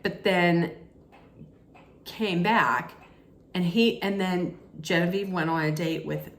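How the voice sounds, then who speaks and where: A woman's voice: fairly low pitch, takes it slowly. Chatty woman recapping in an echoey room. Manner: chatty, with frequent restarts and lively acted-out quotes. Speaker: reality TV recap vlogger. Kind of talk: casual recap chat. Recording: echoey room with faint background noise.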